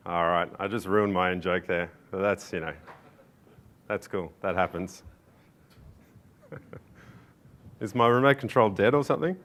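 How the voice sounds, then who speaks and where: An Australian man giving a casual, joking conference talk from a stage, relaxed and self-deprecating with lots of fillers. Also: low-pitched, measured pace, long pauses. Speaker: conference speaker.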